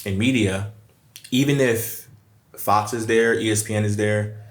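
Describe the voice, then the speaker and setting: A low-voiced man, a podcast guest spinning animated stories and slipping into other people's voices as he quotes them. The sound is roomy and echoey, as if recorded in an untreated room. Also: measured pace. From Brooklyn, New York. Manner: animated storyteller, acts out quotes. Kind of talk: casual storytelling chat.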